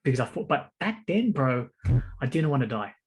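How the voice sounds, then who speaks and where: A man's voice: mid-range voice, very animated, moderate pace, slight background noise. A man hosting a podcast, telling a personal story in casual conversation, stammering and repeating words while calling his listener "bro" and "mate". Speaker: podcast host.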